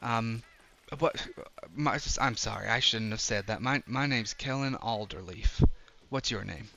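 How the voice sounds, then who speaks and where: A man voicing a friendly female halfling farmer and mother, folksy and a little flustered, close to his own bright voice. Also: on the low side, a little slow, creaky, exaggerated voice.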